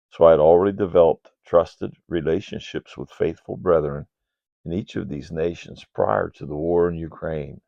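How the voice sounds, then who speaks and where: Older man, very low gravelly voice. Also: dry recording. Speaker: ministry leader reporting to donors. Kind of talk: read-aloud ministry report. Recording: dull, dry lo-fi sound.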